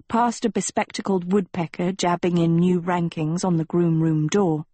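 A woman narrating an audiobook in a measured storytelling manner. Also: fairly low pitch, steady tone, mellow, no room sound.

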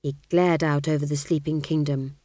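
A woman narrating a comic fantasy audiobook with expressive, measured storytelling. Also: deep voice, no room sound, studio quality.

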